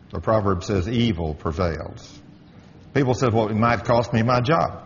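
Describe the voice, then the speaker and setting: Middle-aged man with a lowish voice, delivering an emphatic preacherly testimony; dull sound in a reverberant hall. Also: expressive, normal speed, slight background noise. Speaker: workplace manager giving a testimony. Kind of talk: spoken testimony with storytelling.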